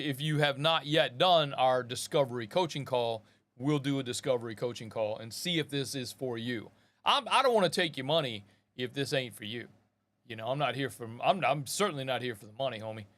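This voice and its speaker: A middle-aged podcast host with a mid-range, slightly bright voice runs a live show with no echo. He chats casually, rambling and slangy, calling his listeners bro and man in this live-stream talk.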